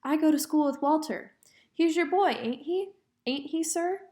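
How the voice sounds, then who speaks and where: A feisty little girl chatters on in a bright, raised voice, as a woman reading a storybook puts her on. She talks fast and eagerly, her pitch climbing well above a plain speaking voice. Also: close to an everyday voice. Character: feisty outspoken young girl.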